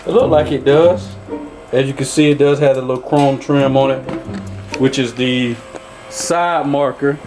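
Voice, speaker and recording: A man's voice: mid-range voice, fairly even intonation, unhurried. Laid-back man rambling to his viewers. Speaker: YouTube channel host fixing up his pickup. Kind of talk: casual chatty vlog. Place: home garage. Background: background music.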